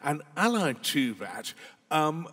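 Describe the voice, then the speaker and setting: A man in the audience asking a question from the floor in a measured, hesitant way. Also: a little high, very animated, sharp tone, slightly rough. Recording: long hall reverb.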